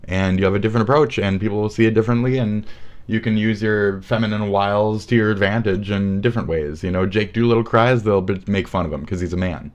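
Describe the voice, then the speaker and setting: A man's voice: on the low side, fairly even intonation, fast talker, highs cut off. A man streaming live and ranting, sarcastic and mocking, with heavy swearing.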